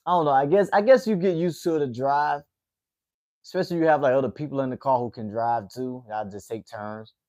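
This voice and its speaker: Host: late-20s Southern man with an Atlanta accent, relaxed and chatty, talking to his viewers. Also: medium pitch, fairly quick. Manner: laid-back, chatty, reacting to chat. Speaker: livestream host. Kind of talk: casual chat with viewers.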